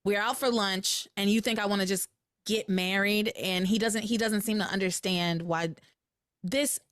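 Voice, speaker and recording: A young woman hosting a podcast, chatting casually as she recaps a soap opera with animated, exasperated commentary and quick acted-out quotes. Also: mid-range voice, dry recording, clean studio sound. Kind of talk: casual chat.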